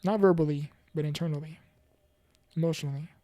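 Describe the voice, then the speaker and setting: A woman with a low, mellow voice speaks earnestly about her own mental health struggles. She pauses and restarts often, and she urges faith in a heartfelt, encouraging way. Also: fairly even intonation, no room sound, clean studio sound. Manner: preachy, faith-focused encouragement. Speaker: motivational speaker. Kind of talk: personal mental health testimony.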